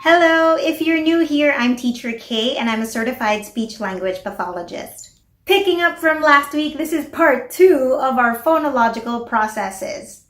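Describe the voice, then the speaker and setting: A Filipino woman who is a speech-language pathologist explains children's speech to parents, mixing English and Tagalog and slowly modeling words. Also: high voice, expressive, a bit bright, roomy sound. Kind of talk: educational talk to parents.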